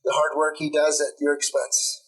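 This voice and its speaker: A man co-hosting a trade podcast in casual chat, reading a sponsor spot in a halting, self-correcting way. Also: a little high, completely flat delivery, slightly rough, rough recording. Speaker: podcast co-host.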